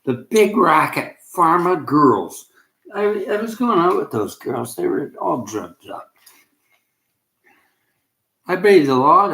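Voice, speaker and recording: A man rants to camera in a rambling, agitated way, often dropping a sentence halfway through. His voice swings widely in pitch. The room around him sounds bare and echoey. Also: creaky, a bit bright. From Canada.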